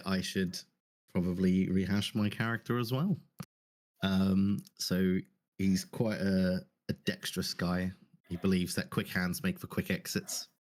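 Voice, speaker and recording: A man playing a tabletop game, describing his character in a wry, hesitant way with a few laughs. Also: deep voice. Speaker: player.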